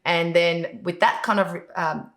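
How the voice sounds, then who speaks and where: A woman's voice: fairly low pitch, fairly even intonation, a little slow. A woman guest in an interview, talking about networking with enthusiasm, telling stories and laughing often. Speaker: guest sharing networking advice. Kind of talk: casual interview chat.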